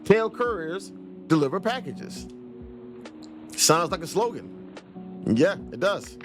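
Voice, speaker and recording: This let's play reviewer is a man with a high, very animated voice who talks slowly. Over the game's music, he casually reviews an indie title, playfully performing its dialogue in goofy voices.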